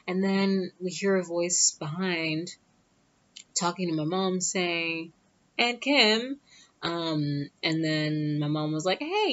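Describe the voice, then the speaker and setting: Chatty young woman, lo-fi recording. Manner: chatty, acts out quoted voices higher. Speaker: vlogger telling a birth story. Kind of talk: casual storytime. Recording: dull lo-fi sound.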